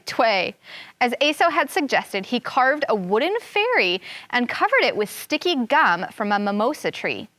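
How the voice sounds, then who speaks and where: Teacher with a dry, close voice reading aloud. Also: female voice, on the high side, no room sound. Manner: expressive, voicing sound words and characters. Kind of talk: reading a story aloud to children. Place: classroom studio.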